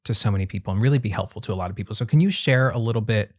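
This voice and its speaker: A man hosting a podcast who asks gentle, encouraging questions in casual conversation. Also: on the low side, rapid-fire. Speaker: podcast host.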